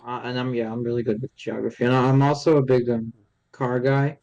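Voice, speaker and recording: Flat-voiced hesitant podcast co-host. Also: male voice, mid-range voice, fairly quick, muffled recording. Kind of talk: casual sports podcast chat.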